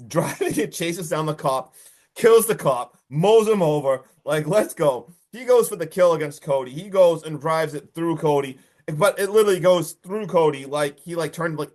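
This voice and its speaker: A man on a horror movie podcast who talks a little high and keeps the energy up. He retells scenes in a casual way, swearing and acting out what the characters say. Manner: excited, swearing, acts out lines from the film. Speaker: podcast host.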